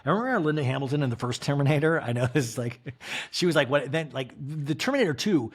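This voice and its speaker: A man hosting a comedic podcast recap, talking in an animated, rambling way and laughing between jokes. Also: a little high, quick pace. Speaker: podcast host. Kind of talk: comedic recap of a reality show.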